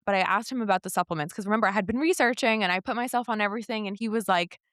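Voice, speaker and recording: A woman's voice: medium pitch, racing, hardly any pauses, no echo, clean studio sound. Candid young woman telling her story. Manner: candid, animated retelling with quoted dialogue. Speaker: podcast guest. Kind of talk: casual storytelling conversation.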